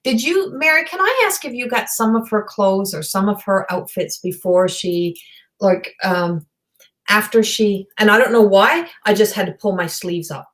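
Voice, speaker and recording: A woman giving a live online psychic reading. She talks in a halting, rambling way, full of fillers and restarts, and passes on messages in a direct, earnest manner. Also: medium pitch, fairly bright tone. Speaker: psychic medium. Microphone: video call or webcam.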